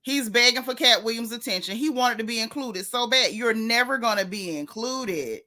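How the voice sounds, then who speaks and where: A woman hosts a gossip livestream in a sassy, drawling style, calling out to her viewers by name between points. Her voice is bright and a touch high for a woman. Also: moderate pace. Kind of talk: casual gossip commentary.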